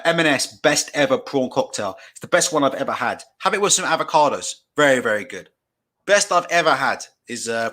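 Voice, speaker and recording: A man live streaming and reacting to pictures from his computer. He talks in an animated way, swears freely and laughs often. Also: medium pitch.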